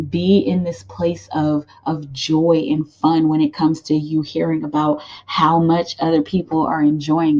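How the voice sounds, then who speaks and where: A woman giving a casual tarot card reading, rambling and animated, with many fillers and laughs. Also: deep voice, lo-fi sound.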